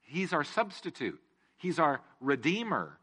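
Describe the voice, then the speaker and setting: Bright-voiced joking male preacher. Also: a little high, big pitch swings, unhurried, husky. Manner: jokey, asks the room questions. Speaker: pastor. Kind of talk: casual sermon with humor.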